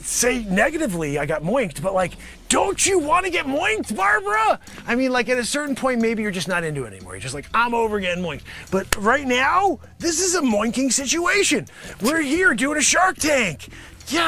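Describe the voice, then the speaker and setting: High-voiced guy ranting a fake pitch, bright sharp tone, super sarcastic and rambly. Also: very animated, normal speed, gravelly. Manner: sarcastic, rambling, talks to an imagined panel. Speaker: comedian performing a pitch. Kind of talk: improvised comedy monologue.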